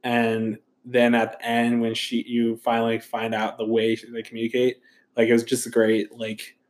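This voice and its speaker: A man's voice: medium pitch, monotone, normal speed. A man casually chatting about a movie he loved, rambling enthusiastically and full of fillers.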